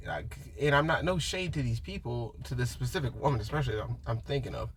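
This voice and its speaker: A young man talking in a casual, rambling monologue, full of restarts and "you know"s, with a husky voice. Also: medium pitch, expressive, fast, hardly any pauses, slight background noise. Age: young adult. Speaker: vlogger.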